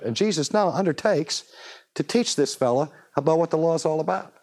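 A man preaching a sermon, emphatic and animated, asking rhetorical questions and changing his voice to act out the people he quotes. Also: a little high, moderate pace.

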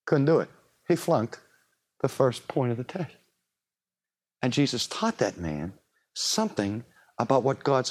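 A man preaching a sermon, emphatic and animated, asking rhetorical questions and changing his voice to act out the people he quotes. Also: medium pitch.

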